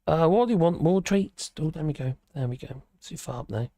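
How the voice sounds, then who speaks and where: A man's voice: on the high side, animated, a little fast, dark tone, no echo. A man hosting a casual live stream, chatting in a rambling way and reacting to viewers' comments with chuckles. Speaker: livestream host.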